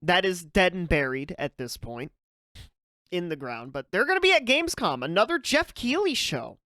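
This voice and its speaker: Animated woman with a low voice. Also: moderate pace, no echo, clean studio sound. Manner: laughs often, casual swearing. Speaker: podcast co-host. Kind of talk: casual podcast chat.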